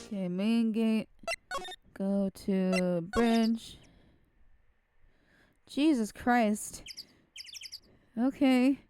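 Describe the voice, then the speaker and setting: A woman's voice: fairly high pitch, fairly even intonation, extremely slow, pauses often. A woman streamer chatting casually and laughing as she plays through a game. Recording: game music behind.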